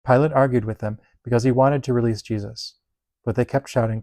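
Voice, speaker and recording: A man reading Bible passages aloud in a steady, measured delivery. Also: mid-range voice, no room sound. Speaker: Bible reader.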